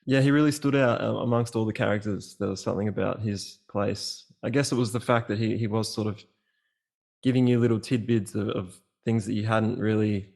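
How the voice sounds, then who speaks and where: Gravelly, reflective podcast host. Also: male voice, lowish voice, fairly even intonation, brisk, a little mellow. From Australia. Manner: reflective, hesitant, full of fillers. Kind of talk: interview questions.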